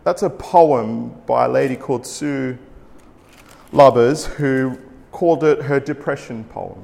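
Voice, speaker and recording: A man, preaching a sermon in an earnest, measured way. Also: medium pitch, creaky, a little mellow. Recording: long reverb in a large hall.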